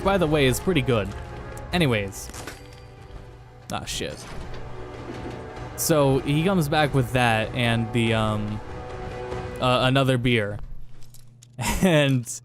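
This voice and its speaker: A young man casually telling a rambling story while playing a game, with many fillers and restarts. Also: mid-range voice. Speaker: podcast host playing a game.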